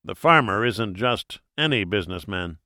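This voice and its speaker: A man's voice: lowish voice, animated, normal speed, pushed and bright, no echo, clean studio sound. A man playing a burly, world-weary male FBI agent who talks bluntly and wryly. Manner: blunt, wry, launches into monologues.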